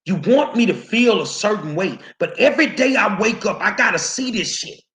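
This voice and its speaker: A man's voice: high-pitched, animated, moderate pace, a bit bright. Angry, profane man ranting at viewers. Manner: angry, profane, confrontational, repeats words. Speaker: show host. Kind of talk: heated commentary addressed to viewers.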